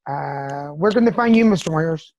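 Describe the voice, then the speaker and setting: Frank, swearing woman podcast host, low-pitched. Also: lively intonation, normal speed, warm tone, dry recording, highs cut off. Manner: frank storytelling, swears, laughs easily. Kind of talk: candid casual chat.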